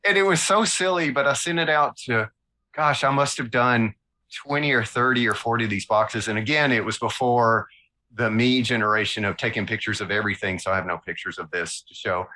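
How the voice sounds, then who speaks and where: A man with a Southern American accent, a guest illustrator telling animated, self-mocking stories in a casual interview. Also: medium pitch, fairly quick, low-quality recording.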